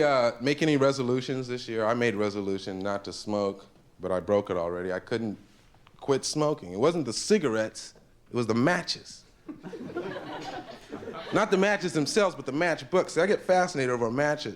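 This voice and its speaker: A man doing a stand-up comedy routine on a live stage, slipping into funny voices for the people in his jokes, from an old 1970s tape. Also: mid-range voice. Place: stage with a laughing audience.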